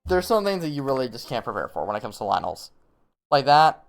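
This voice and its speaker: A man's voice: medium pitch, sing-song, fairly quick, gravelly. A young man streaming a game live, explaining tactics casually with frequent laughs and fillers. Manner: chatty, laughs often, many fillers. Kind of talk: live gameplay commentary and tips.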